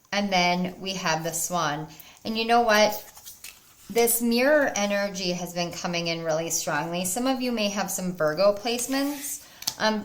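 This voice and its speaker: A woman giving a spiritual pick-a-card tarot reading to her viewers, earnest and encouraging, at times bursting with excitement. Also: mid-range voice, a little hiss or hum. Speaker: tarot reader.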